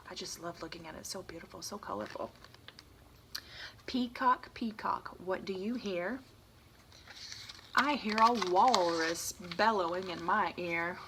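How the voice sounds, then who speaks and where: A middle-aged woman teacher reading a picture book aloud to young children, with sing-song animated rhythm and chatty asides. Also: fairly low pitch, slight background noise, poor audio.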